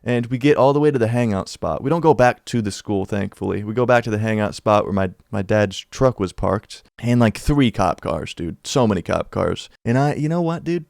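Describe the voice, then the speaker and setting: A young man casually telling a story from his school days over gameplay, slangy and animated, acting out what people said. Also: normal speed, gravelly, few pauses, no room sound, studio quality. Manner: animated, slangy, acts out quotes with shifting pitch. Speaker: YouTuber telling a life story.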